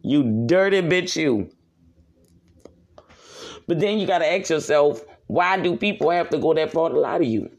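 A man rants alone on his podcast, in a voice a touch higher than most men's. He preaches at his listeners and curses constantly. He circles back to repeat each point. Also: animated, normal speed, long pauses. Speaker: podcast host. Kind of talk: solo rant monologue.

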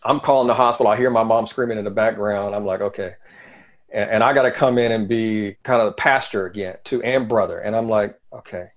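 A middle-aged man, a guest in an interview, telling a personal story in an earnest way that often sinks to a quiet low voice. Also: fairly even intonation, fast talker, hardly any pauses, muffled recording.

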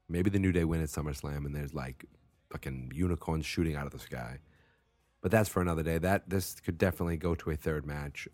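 A man talks through wrestling predictions in a loose, jokey ramble, laughing at his own tangents. His voice is extremely deep and husky. It is recorded dry and close, with faint music behind. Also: brisk, a little mellow, no room sound. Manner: rambling, jokey, self-deprecating.

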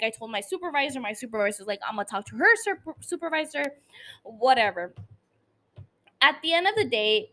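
A woman's voice: fairly high pitch, sharp tone. A tipsy woman hosting a podcast in casual chat, speaking English as a second language and ranting profanely with lots of energy. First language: not English. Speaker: podcast host.

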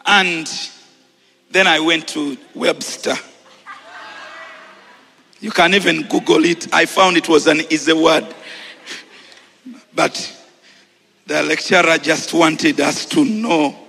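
A Ugandan man preaching a sermon, shouting and repeating phrases with exuberance, then settling into a relaxed storytelling tone. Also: fairly high pitch, takes it slowly, creaky, pauses often, husky, big-room sound.

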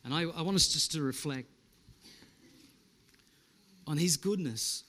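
A man preaching a sermon, swinging between loud and hushed. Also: on the high side, unhurried. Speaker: pastor.

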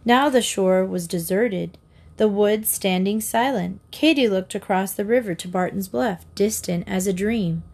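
A woman narrating a children's storybook in a calm, measured reading. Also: medium pitch. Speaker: audiobook narrator.

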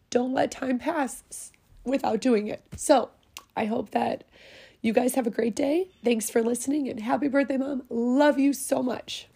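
A woman's voice: sits high, vocal fry, warm tone, husky. A middle-aged woman hosting a podcast, speaking heartfelt and getting choked up as she pays tribute. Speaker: podcast host. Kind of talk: personal tribute monologue.

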